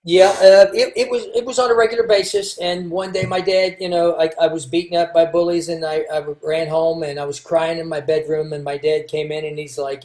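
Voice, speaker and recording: A man from Kentucky, a guest telling his life story in a candid, halting way and restarting his words. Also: on the high side, level tone, darkish tone. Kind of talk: casual interview storytelling. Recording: echoey room.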